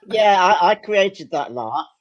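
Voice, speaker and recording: Older man telling lively anecdotes, dull recording. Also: high-pitched, slow pace. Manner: lively, self-deprecating anecdotes with hesitations. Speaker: guest actor and writer. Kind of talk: casual chat, storytelling.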